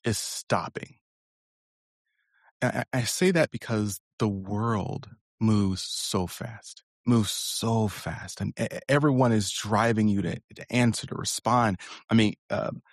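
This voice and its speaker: A man with a lowish voice talks through his ideas thoughtfully, restarting his sentences and slipping into little stories. He works as an executive coach. The recording is dry and close. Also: vocal fry, dry recording. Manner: reflective, stops to restart, tells stories. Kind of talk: conversational interview answer.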